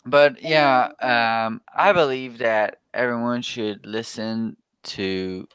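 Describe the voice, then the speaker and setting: A man speaking as a guest in a casual livestream chat, halting and stumbling over words. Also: medium pitch, steady tone, fairly bright tone, clean tone, no room sound.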